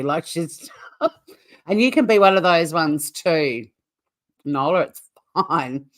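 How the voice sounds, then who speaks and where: A woman's voice: deep voice, slow pace, long pauses. An Australian woman hosting a casual livestream, chatting to viewers in a rambling way with frequent laughs. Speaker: livestream host.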